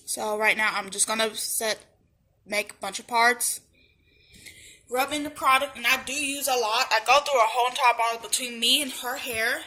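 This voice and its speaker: A woman's voice: fairly high pitch, sharp tone. A woman beauty vlogger talking through a hair routine step by step in a plain, conversational voice-over.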